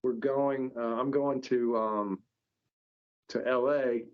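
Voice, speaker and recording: A man's voice: mid-range voice, steady tone, slow pace. A man, a company founder, telling stories as a podcast guest in a rambling, stop-start way. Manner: rambling, with many restarts. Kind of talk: casual storytelling. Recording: dull lo-fi podcast audio.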